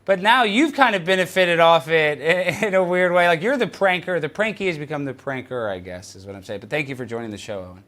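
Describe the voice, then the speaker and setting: Guy hosting a talk show, kinda high voice, playful and laughy. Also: brisk, hardly any pauses. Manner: playful, laughing, jumps up in excitement. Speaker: show host. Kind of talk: casual interview.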